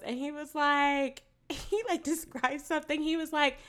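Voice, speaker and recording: A woman co-hosting a podcast, chatting casually and recapping a TV show with lively, profane storytelling and quoted asides. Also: sits high, unhurried. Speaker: podcast co-host.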